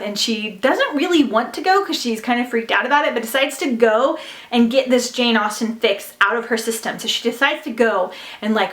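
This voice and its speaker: Woman, young adult, casual book review chat, gushing, chatty, fairly high voice, echoey room. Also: fairly bright tone. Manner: gushing, chatty, lots of fillers. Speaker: book vlogger. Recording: roomy echo.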